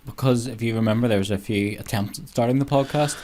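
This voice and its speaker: A man on a podcast giving brief, low-key answers from away from the microphone. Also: fast talker, a little mellow.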